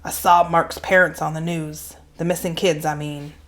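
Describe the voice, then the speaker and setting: A woman voicing a gentle, grieving man driving a truck, speaking softly in a low, halting way. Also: flat delivery. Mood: sorrowful.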